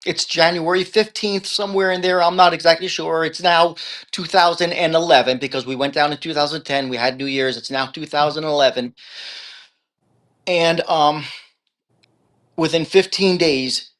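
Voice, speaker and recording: Man on a video call, fairly high voice, expressive storytelling, laughs often, hushed then loud. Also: moderate pace. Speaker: author guest. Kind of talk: animated storytelling in an interview.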